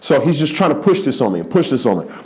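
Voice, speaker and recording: A man around forty from the Philadelphia area tells a comic story in an interview, his pitch leaping high whenever he gets excited and dropping low for the punchlines. He stays mid-range in tone, repeats words for emphasis and keeps it lively. He's seated in a studio under hot lights. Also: quick pace. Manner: animated, repeats for emphasis, jumps into high-pitched voices for quoted people. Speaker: stand-up comedian.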